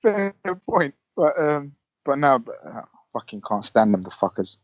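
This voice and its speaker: A man's voice: mid-range voice, sing-song, moderate pace, dry recording. Rambling sweary man on a dull line. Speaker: podcast panelist. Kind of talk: casual football banter. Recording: dry, muffled call audio.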